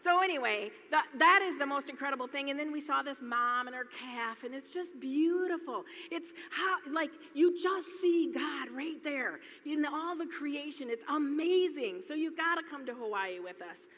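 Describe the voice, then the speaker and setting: Bright-voiced chatty woman in a hall. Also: sits high, normal speed, few pauses. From Michigan, USA. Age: middle-aged. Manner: rambling, chatty, laughs often, keeps saying "anyway". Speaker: speaker at a business event. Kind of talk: casual storytelling talk to a live audience. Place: large hall before an audience. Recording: echoey hall, faint noise.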